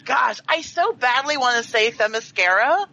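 A woman's voice: a little high, expressive, moderate pace, pushed and bright, lo-fi sound. A woman co-hosting a casual podcast, playful and self-deprecating. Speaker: podcast co-host. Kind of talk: casual chat.

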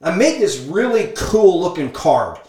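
A man telling a business story in an energetic, emphatic monologue, peppering his talk with "like" and "okay?". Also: sits high, a little slow. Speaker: speaker sharing business lessons from a book. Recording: echoey room.

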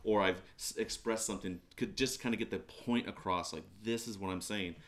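A man's voice: on the low side, brisk, fairly bright tone. A man co-hosting a casual faith podcast, talking earnestly and rambling with many restarts. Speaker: podcast co-host.

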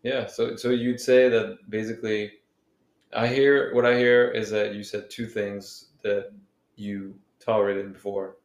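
Flat, low-voiced man musing in an echoey room. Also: a little slow. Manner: reflective, summarizing, hesitant. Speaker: podcast co-host. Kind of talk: casual chat.

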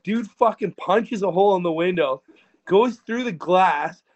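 A man's voice: sits high, measured pace, lo-fi sound. A man telling rambling, profane stories in a casual podcast chat. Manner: rambling and profane, with frequent restarts. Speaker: podcast co-host.

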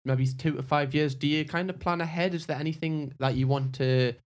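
A man's voice: a little high, steady tone, a little fast. A man hosting a podcast who asks his questions in a hesitant, loose way. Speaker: podcast host. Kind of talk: interview questions.

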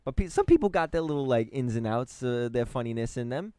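Quick slangy podcast host guy, smooth clean voice. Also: mid-range voice, animated, darkish tone. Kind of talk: casual chat.

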